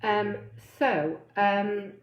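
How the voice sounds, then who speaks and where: A woman's voice: medium pitch, very slow. A woman weight-loss coach giving a chatty live online talk, reading out comments and acting out inner voices. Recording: roomy, slightly dull sound.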